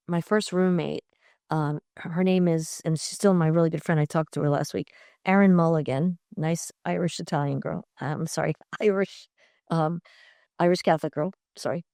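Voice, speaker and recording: A woman's voice: low-pitched, fairly even intonation, a little slow, dark tone, clean tone, no echo, clean studio sound. A middle-aged woman from Long Island, a podcast guest talking in an enthusiastic, chatty way with many fillers. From Long Island, New York. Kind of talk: conversational interview.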